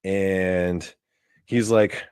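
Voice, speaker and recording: A man's voice: sits low, fairly even intonation, drawn-out words, a little mellow, clean tone, no echo, studio quality. A young man hosting his own show, rambling through a long personal story in a casual way, with lots of filler words and cursing. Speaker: podcast host.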